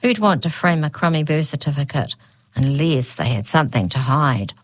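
A woman voicing a sulky, stubborn female hag who speaks rudely, with a low voice. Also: moderate pace, no room sound.

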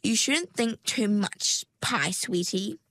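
A woman reading puts on a controlling mer-woman from a storybook. Her voice drips slow and sweet, patronizing and a little louder than the narration. The sound is dry and close. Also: mid-range voice, expressive, no room sound. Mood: sugary menace. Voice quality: syrupy, drawn-out and sweet. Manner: patronizing, with sugary pet names.

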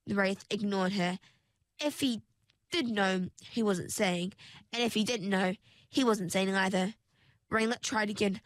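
A woman reading a children's story aloud as narrator, even and unhurried. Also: mid-range voice, no room sound, rough recording.

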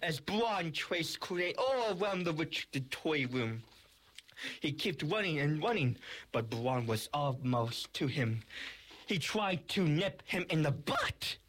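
A young storyteller rattles through a made-up toy adventure, tripping over words and restarting. The voice is husky and lively in pitch. The delivery is slow on the whole. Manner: rambling, excited retelling with restarts. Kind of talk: improvised storytelling.

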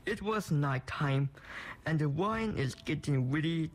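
A host reading a homemade spooky story as storyteller, slow and expressive. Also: mid-range voice, slight background noise.

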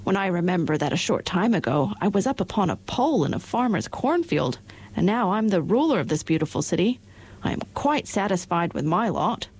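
A woman's voice: fairly low pitch, big pitch swings, fairly quick, darkish tone, breathy edge. A woman voicing a cheerful male scarecrow who rules a city, speaking in a musing, contented way in a storybook reading. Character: cheerful male scarecrow ruler, straw-stuffed.

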